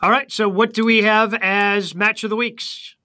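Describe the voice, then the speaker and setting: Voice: mid-range voice, fairly even intonation, normal speed, sharp tone. A co-host of a wrestling podcast, chatting casually with wry asides. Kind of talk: casual chat.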